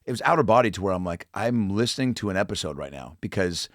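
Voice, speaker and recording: A man chatting as a guest comedian, rattling off stories at a quick clip and acting out the people in them. His voice sits fairly low, and the sound is dry and close to the mic. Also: no room sound. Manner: rambling, animated, full of fillers and acted-out quotes. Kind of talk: casual storytelling chat.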